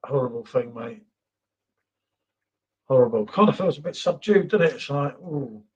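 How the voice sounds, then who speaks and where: Husky man hosting a live stream. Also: medium pitch, expressive, moderate pace, highs cut off. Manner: dry, teasing. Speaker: stream host. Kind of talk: casual banter.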